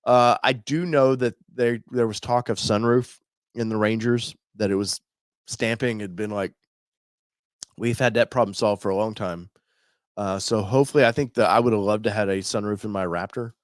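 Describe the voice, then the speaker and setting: A man's voice: lowish voice, fairly even intonation, normal speed, no room sound, clean studio sound. A man hosting an automotive channel, talking casually and thinking aloud while he browses a website, with many fillers and restarts.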